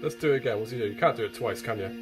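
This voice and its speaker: A man's voice: mid-range voice, racing, music in the background. A man giving gameplay commentary who swears constantly, laughs a lot and mocks what he sees. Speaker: gaming video host.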